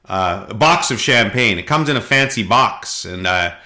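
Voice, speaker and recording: A middle-aged man from Canada, co-hosting a podcast and telling animated anecdotes in casual chat. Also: lowish voice, moderate pace. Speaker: podcast co-host.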